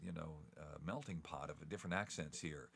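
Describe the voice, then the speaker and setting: A middle-aged man from Southern Ohio with a faint Appalachian accent and a deep, gravelly, slightly congested voice, chatting in a relaxed, rambling way as an interview guest. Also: a little fast, crowd noise. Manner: relaxed, rambling storyteller with chuckles. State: a bit congested. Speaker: guest, TV announcer. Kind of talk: casual interview chat.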